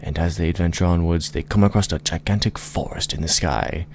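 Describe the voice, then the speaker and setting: Very deep-voiced man improvising a comic story. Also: fairly quick, a little hiss or hum. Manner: rambling, laughing asides.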